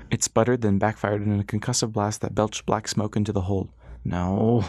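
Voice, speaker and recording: This audiobook is narrated by a low-voiced man whose storytelling is steady and measured. The recording is dry and studio-clean.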